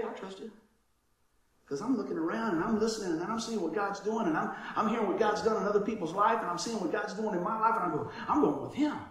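Male pastor, high lively voice, very echoey church room. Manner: animated storytelling, acts out dialogue, laughs often. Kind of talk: conversational sermon.

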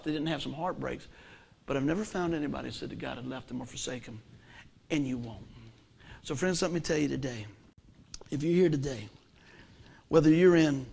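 A man with a high voice delivers a sermon. He fires questions at the congregation and pushes some lines hard. Then he drops others to a near hush. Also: vocal fry. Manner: emphatic, asks the congregation questions; swings from loud to hushed. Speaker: preacher.

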